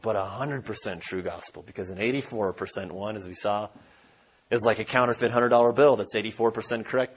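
A male preacher with a husky edge, at an ordinary middle pitch. He teaches through a passage with emphasis, throwing out rhetorical questions and moving between raised, urgent lines and quiet ones. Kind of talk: expository sermon.

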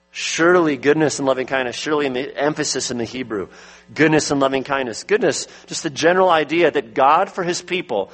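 A man's voice: fairly high pitch, a bit bright. A man preaching a sermon as pastor, emphatic, his voice rising when he presses a point home.

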